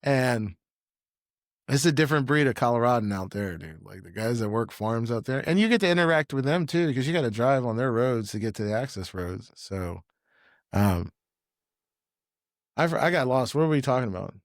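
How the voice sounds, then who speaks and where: A man's voice: medium pitch, animated, normal speed, no echo, studio quality. A young man talking as a podcast guest in a casual chat, blunt and rambling, swearing freely.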